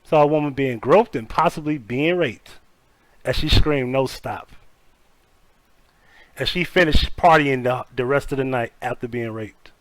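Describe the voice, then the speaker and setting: A man's voice: medium pitch, normal speed, hardly any pauses, dry recording. A man hosting a casual live-stream commentary, talking skeptically and profanely while reacting to news and greeting chat. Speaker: commentary host.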